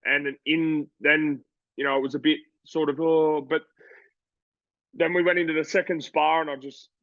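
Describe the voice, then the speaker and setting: A man's voice: on the high side, moderate pace, vocal fry, no echo, lo-fi sound. A young Australian man, a boxer, talking casually in an interview, rambling and acting out voices as he tells stories. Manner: rambling, animated storytelling with voices.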